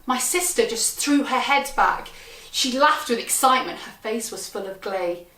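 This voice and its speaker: A woman comedian with a wry, deadpan delivery, telling a funny personal story. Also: a little high, normal speed. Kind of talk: comic storytelling performance. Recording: echoey, from a distant mic.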